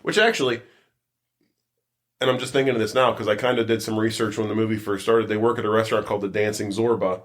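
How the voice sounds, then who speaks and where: A man's voice: fairly low pitch, fast talker. Guy chatting on a podcast, rambles, laughs a lot. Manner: laughs often, rambling storyteller. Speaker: podcast host. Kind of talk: casual chat.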